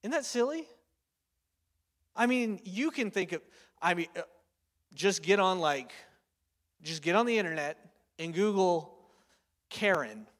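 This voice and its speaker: A man's voice: high-pitched, animated, a little slow, pauses often, a bit bright. A man in his thirties preaching a sermon in a chatty storytelling way, full of fillers and "right?" tag questions. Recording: long hall reverb.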